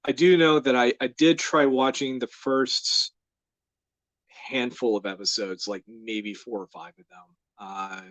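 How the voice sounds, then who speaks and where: An easygoing young man from the United States hosts his live art stream, rambling through casual chat with plenty of "uh"s and the odd chuckle. His voice sits at a middling pitch and is recorded close and dry, with no room sound at all. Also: fairly even intonation, a little slow, no room sound. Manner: rambling and easygoing, with many fillers and soft laughs. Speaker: host of a live drawing stream.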